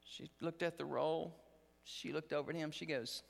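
A man preaching in a seminary chapel, telling a story with lively acted-out moments. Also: fairly high pitch, fairly quick, creaky. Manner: animated storytelling, acts out scenes. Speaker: guest preacher. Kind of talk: sermon. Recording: long reverb of a chapel.

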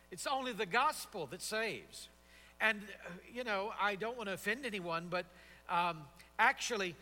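A man's voice: sits high, sharp tone. A man preaching an expository sermon in a seminary chapel, building his points with emphatic repetition. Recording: long chapel reverb.

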